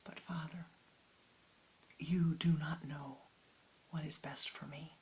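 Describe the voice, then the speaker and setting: A woman voicing a heartbroken, gentle young son who pleads softly with his father in a told story. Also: low voice, level tone, slow, poor audio. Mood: pleading. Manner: pleading, soft-spoken.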